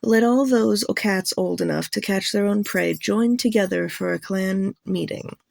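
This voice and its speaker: A woman's voice: mid-range voice, moderate pace, gravelly, no echo. A woman voicing a grave, commanding she-cat clan leader who speaks steadily and formally to her clan in an audiobook reading. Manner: steady, formal addressing a gathering. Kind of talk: audiobook character voice.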